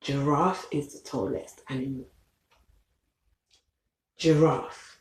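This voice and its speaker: A woman's voice: very deep voice, fairly even intonation, takes it slowly, a little mellow. A woman reading a children's picture book aloud, patiently naming animals, asking questions and counting with the child. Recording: echoey room.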